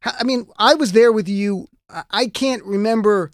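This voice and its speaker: A male radio host with a high, bright voice, talking casually with a guest in the studio. He tells stories with animated energy and laughs often. The sound is dry and close, with no room echo. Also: moderate pace. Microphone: studio microphone.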